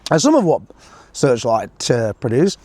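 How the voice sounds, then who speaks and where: A man's voice: medium pitch, very animated, measured pace, darkish tone, no echo. A middle-aged man giving a sarcastic, rambling political commentary, full of fillers and chuckles. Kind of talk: casual solo commentary.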